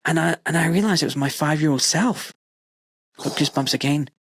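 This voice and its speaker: A man's voice: fairly high pitch, fairly quick, a bit bright, slightly rough, no echo, clean studio sound. A man in his forties, a podcast host, telling a heartfelt personal story in casual chat and acting out his own quotes. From United Kingdom. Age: 40s.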